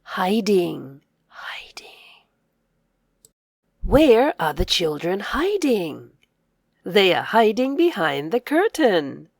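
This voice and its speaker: A woman teaching young children to read. She speaks slowly and clearly, says each word aloud, then echoes it in a whisper. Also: mid-range voice, very animated, studio quality. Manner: slow, clear, encouraging delivery for young learners. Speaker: reading teacher. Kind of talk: scripted children's reading lesson.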